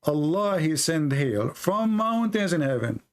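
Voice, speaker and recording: A man's voice: on the high side, very animated, unhurried. A man hosting a heated debate, pressing and mocking his opponent with sarcasm. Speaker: debate show host.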